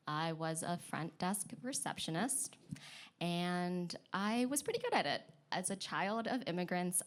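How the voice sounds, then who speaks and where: Chatty woman telling a funny story. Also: fairly low pitch. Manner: chatty and self-deprecating, laughs often. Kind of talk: live personal storytelling. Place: stage at a live story event.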